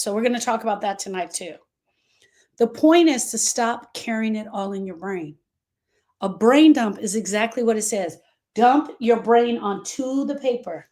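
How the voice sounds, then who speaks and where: A woman's voice: fairly high pitch, a little mellow. Emphatic woman grief coach. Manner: emphatic, repeats phrases, reads viewer comments aloud. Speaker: grief coach hosting a livestream. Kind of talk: live-stream talk to viewers.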